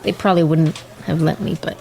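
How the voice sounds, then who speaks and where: A woman's voice: deep voice, steady tone, a little fast, creaky, dark tone, soft background music. A woman chatting casually and affectionately as a podcast co-host at a cafe. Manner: affectionate, giggly. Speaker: co-host partner. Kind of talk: casual chat.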